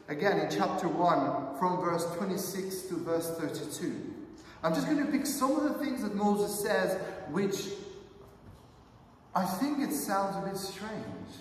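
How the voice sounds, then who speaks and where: A man preaching a sermon as pastor, earnest, putting many questions to the congregation and calling them brothers and sisters. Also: high-pitched. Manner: calls the listeners brothers and sisters. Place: church sanctuary. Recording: echoey hall, mic far off.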